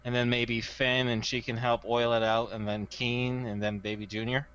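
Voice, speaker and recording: A man playing a tabletop game, chatty and planning out loud, often checking for agreement. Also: mid-range voice, flat delivery, moderate pace, smooth. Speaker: player. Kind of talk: casual tabletop role-play. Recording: dull lo-fi voice chat.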